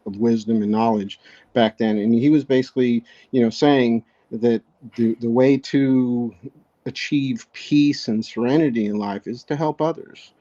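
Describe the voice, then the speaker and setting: Low-key, reflective man on a podcast. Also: steady tone, mellow. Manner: halting, reflective, frequent restarts. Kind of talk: casual conversation. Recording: dull lo-fi sound.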